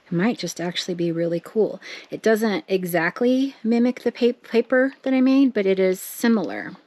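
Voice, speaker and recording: A woman narrates her crafting in a casual, thinking-out-loud way, talking straight to her viewers. Her voice sits at an average pitch. Now and then she breaks into excited bursts. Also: normal speed. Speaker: craft vlogger.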